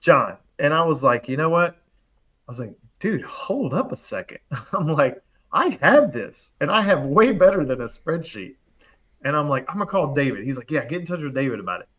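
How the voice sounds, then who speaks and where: A man telling a long story in casual chat, animated and quick, full of fillers and acted-out quotes. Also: a little high. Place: live online show, remote.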